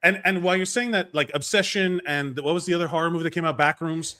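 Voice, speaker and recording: A man's voice: fairly high pitch, fast, sharp tone. A man co-hosting a podcast, giving emphatic opinions and circling back to finish his thoughts in casual chat. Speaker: podcast co-host.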